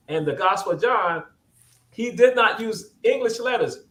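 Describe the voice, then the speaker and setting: High-voiced man lecturing with rousing repetition. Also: expressive, moderate pace, sharp tone, roomy sound. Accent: Gullah Geechee Southern. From Southern United States, Gullah Geechee. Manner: rousing, repeats "guess what" and climbs in pitch. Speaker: host. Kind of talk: preaching-style talk show lecture.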